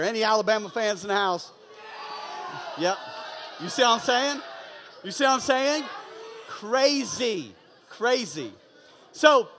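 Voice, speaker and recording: A young man giving an energetic, conversational youth sermon and often asking "you know what I'm saying". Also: high-pitched, a little hiss or hum. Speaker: youth pastor. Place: large church auditorium. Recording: long hall reverb.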